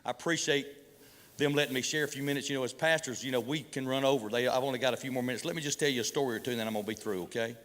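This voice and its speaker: Rapid-fire and mid-range in voice, a middle-aged pastor weaves homespun hunting tales into a sermon, trips over his words, and starts over. He keeps it relaxed, combining jokes with preaching, while a long reverb tail trails his voice through the big church hall.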